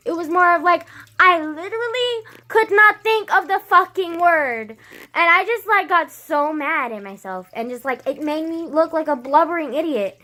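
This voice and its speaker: A woman's voice: very high voice, lively intonation, moderate pace, pushed and bright. A young woman vlogging casually, rambling with lots of fillers and frequent swearing, self-deprecating.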